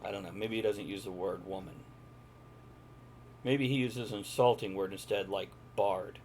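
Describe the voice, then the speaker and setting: A man's voice: fairly low pitch, fairly even intonation, normal speed, darkish tone, slight background noise. A man narrating a live-streamed tabletop game as game master, chatty and jokey, chatting with viewers in between.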